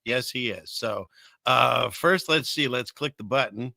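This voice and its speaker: An older man hosts a casual live stream from his computer in a small upstairs room above a fireplace, rambling and poking fun at himself with lots of fillers and restarts. His mid-range voice is gravelly, pushed and bright, unhurried, with no echo.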